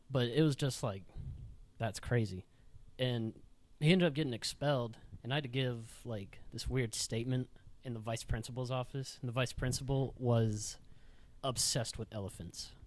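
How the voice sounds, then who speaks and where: A man's voice: mid-range voice, moderate pace, darkish tone. A young man hosting a podcast, telling school stories in a rambling, profane, filler-heavy way in a studio. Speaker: podcast host. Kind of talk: casual storytelling.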